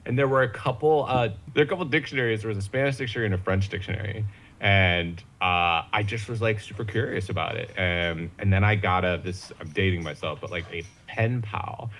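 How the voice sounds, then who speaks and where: A man's voice: lowish voice, fairly bright tone. A man from Ohio, a podcast guest, telling a personal story casually with many restarts and jokey asides. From Ohio, USA. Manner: halting, many restarts and "you know what I mean", jokey asides.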